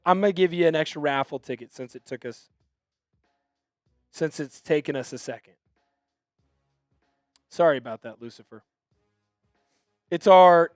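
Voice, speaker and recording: A man with a high voice hosts a fan live stream and calls the plays himself. He talks in an excitable, chatty way and is quick to say sorry. His voice sounds close and dry, with faint music underneath. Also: no room sound.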